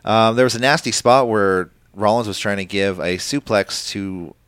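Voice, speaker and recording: A man's voice: fairly low pitch, moderate pace, fairly bright tone, clear, resonant tone, no room sound. A man casually recapping a wrestling match play by play with his co-hosts on a podcast. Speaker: podcast co-host.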